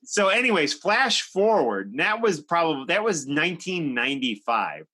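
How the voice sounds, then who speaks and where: A man's voice: fairly high pitch, very animated, moderate pace, sharp tone. A man in his fifties hosting a live stream, telling a long anecdote in a chatty way with many fillers and restarts. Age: 50s. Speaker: talk show host. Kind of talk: animated storytelling. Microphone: live stream microphone.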